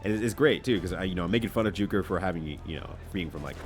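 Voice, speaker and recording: A man's voice: sits low, racing. A man streaming live, chatting casually while he plays, rambling along and correcting himself as he goes.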